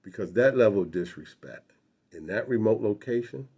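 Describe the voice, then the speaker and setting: Older guy, lowish voice, telling a serious memory slowly and honestly. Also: animated, warm tone, slightly rough. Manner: earnest, reflective. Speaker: storyteller. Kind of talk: personal storytelling.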